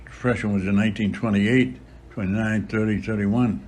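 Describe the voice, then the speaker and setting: Very old priest, low voice. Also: male voice, fairly even intonation, a little mellow, a little hiss or hum. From Boston area, USA. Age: about 100. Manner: unhurried storytelling with frequent filler pauses. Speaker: priest, interview guest. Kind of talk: reminiscing in an interview.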